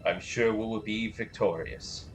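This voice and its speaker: A man's voice: fairly low pitch, unhurried, low-quality recording. A man streaming a game, reading the player's dialogue aloud in a plain, slightly hesitant way. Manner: plain, hesitant and self-deprecating. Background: game music.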